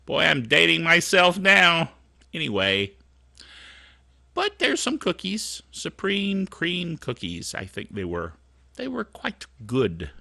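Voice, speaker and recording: A man's voice: on the high side, vocal fry, bright, forceful tone, dry recording, studio quality. A middle-aged man hosting a tech show, talking in a casual, digressive, self-mocking monologue.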